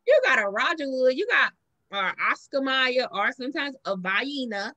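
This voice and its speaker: Bright-voiced Southern woman telling stories. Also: high-pitched, measured pace. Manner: animated storytelling, acts out quoted lines. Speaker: podcast co-host. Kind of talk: casual chat.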